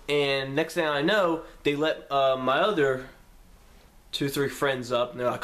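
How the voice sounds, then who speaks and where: A young man telling a story to the camera in a casual, profane way, acting out his own lines with sudden jumps in pitch. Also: moderate pace, pauses often, fairly bright tone. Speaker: vlogger.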